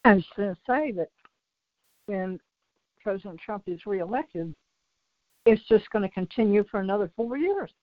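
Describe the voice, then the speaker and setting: A woman's voice: medium pitch, expressive, normal speed, long pauses, no room sound, muffled recording. Woman co-host chiming in. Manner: brief interjections. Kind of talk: casual chat.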